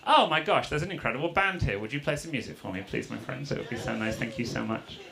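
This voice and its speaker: A man's voice: mid-range voice, animated, fast talker, gravelly. A man, a comedian and freestyle rapper, doing playful, teasing crowd work on a club stage and laughing between quips. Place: comedy club stage before a live audience. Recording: live band music loud behind the voice.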